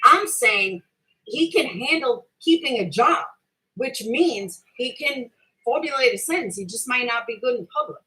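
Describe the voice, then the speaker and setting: A woman's voice: fairly high pitch, lively intonation, a little slow, sharp tone, low-quality recording. A middle-aged woman hosting a livestream, combatively ranting at her chat with heavy swearing, defending herself and repeating her point. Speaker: livestream host answering chat. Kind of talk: heated casual rant.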